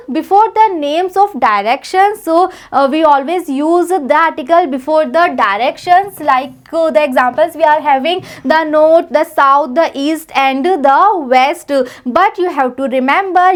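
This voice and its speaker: Brief: high-pitched Indian woman, patient grammar teacher, mixes English and Hindi, keeps asking "right?". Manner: explains in English mixed with Hindi, repeats "right?" and "you know". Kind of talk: grammar lesson.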